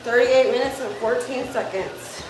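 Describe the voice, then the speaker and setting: A woman's voice: fairly high pitch, normal speed, far from the mic. A woman chatting with viewers on a livestream while walking on a treadmill, laughing easily. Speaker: livestream host. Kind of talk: casual livestream chat. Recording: very echoey room, off-mic, noisy background.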